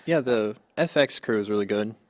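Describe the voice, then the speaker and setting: A man's voice: on the low side, normal speed. Actor guy on a panel, easygoing, keeps it simple. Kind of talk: casual panel interview.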